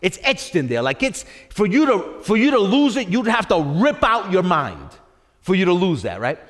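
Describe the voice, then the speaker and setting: A male preacher with a high, very animated voice delivers an emphatic sermon. He circles back over the same phrases and keeps asking "right?" His voice rings out with long reverb. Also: normal speed.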